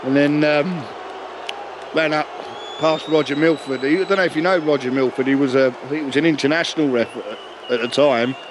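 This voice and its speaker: A man's voice: fairly high pitch, fairly even intonation, fairly quick, a crowd in the background, background noise. A middle-aged man, telling a long casual story with many restarts and chuckles. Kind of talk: casual anecdote.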